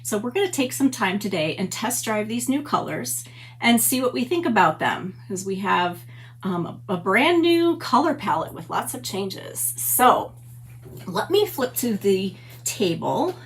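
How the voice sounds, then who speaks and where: A woman's voice: mid-range voice, very animated, a little slow. A middle-aged woman hosting a papercraft livestream, chatty and gushing as she greets viewers by name. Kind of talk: casual livestream chat. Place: home stamp room.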